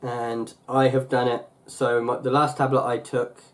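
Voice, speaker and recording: A man's voice: medium pitch, level tone, unhurried. A young man from England talking casually on his vlog, rambling with lots of fillers and restarts. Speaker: YouTuber.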